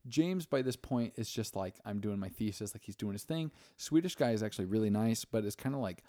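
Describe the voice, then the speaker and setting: A young man hosts a podcast, recapping a film in a loose, rambling way, full of swearing and acted-out lines. His voice sits low, and the recording is dry and close. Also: lively intonation, a little fast, mellow, dry recording. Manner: profane, rambling, acts out characters' lines. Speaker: podcast host. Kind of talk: casual chat, movie recap.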